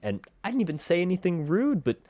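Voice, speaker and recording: A man telling a story from his school days in an animated, expressive vlog. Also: high-pitched, quick pace. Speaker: vlogger.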